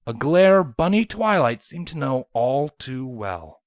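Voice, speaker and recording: A woman narrating a fanfiction story with an expressive reading. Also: a bass voice, slow pace, no echo, studio quality. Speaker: fanfiction reader.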